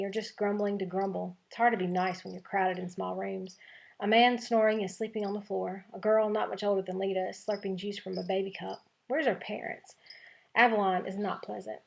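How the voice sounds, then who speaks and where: A woman's voice: medium pitch, flat delivery, moderate pace, gravelly. A woman teacher reading a chapter book aloud to her class, voicing the dialogue expressively.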